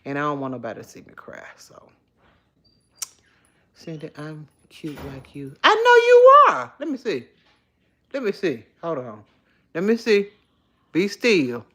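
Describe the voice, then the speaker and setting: Low-voiced chatty woman livestreaming. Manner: chatty and candid, reads viewer comments aloud. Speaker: livestream host. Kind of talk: casual live chat with viewers. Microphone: phone.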